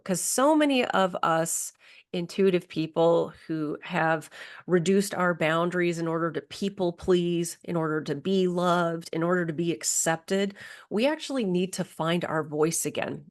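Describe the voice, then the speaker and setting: A middle-aged woman, a spiritual healing coach, guides listeners through a slow, soothing somatic exercise with affirmations. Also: on the low side.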